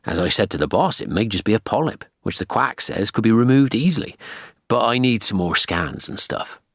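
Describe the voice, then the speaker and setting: Audiobook: male narrator doing a blunt old-school detective, crude, lively, husky. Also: fairly low pitch, a little fast, no room sound, clean studio sound, heavily acted. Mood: offhand.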